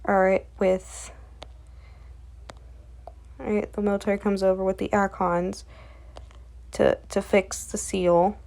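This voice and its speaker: A woman's voice: mid-range voice, flat delivery, slow pace, vocal fry, pauses often, darkish tone. A woman talks through a comic's plot casually, rambling and chatty. She fills gaps with fillers and keeps checking in with the listener. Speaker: comic recap creator.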